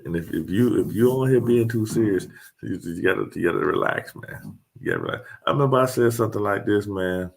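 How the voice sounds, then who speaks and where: Casual host: man, 30s, rough fry in the voice, swoops up and down, keeps laughing at his own jokes. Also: lowish voice, fairly quick. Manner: animated, joking, laughs often. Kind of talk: casual talk to an online audience.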